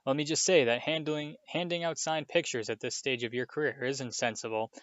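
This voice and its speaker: A man's voice: medium pitch, steady tone, brisk, a bit bright, no echo, close to an everyday voice. A man voicing a vain celebrity teacher with a jovial, pompous, hearty manner. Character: vain, booming grown male celebrity teacher. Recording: dull, dry lo-fi recording.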